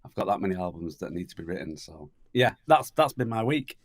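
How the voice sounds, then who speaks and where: Hesitant low-voiced man. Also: very animated, brisk, no room sound. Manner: hesitant, many fillers, laughs easily. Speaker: podcast guest, musician. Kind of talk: casual chat.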